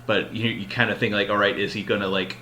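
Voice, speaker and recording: A man's voice: lowish voice, level tone, fast talker, bright, forceful tone, a little hiss or hum. A man hosting a podcast, retelling a long story in casual chat, rambling and full of filler words. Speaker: podcast host.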